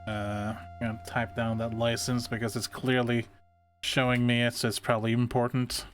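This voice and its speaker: A man's voice: mid-range voice, completely flat delivery, moderate pace, soft background music. A tired man giving casual let's-play commentary, wry and self-mocking as he thinks aloud. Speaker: streamer.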